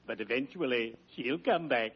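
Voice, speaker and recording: A man's voice: medium pitch, slightly rough, close to an everyday voice. Guy playing a spooky solemn undertaker, drags out his words, old radio comedy, muffled sound. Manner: slow, solemn, drawn-out delivery. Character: gloomy, pun-loving male undertaker. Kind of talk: 1940s radio sitcom acting. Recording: dull old radio recording.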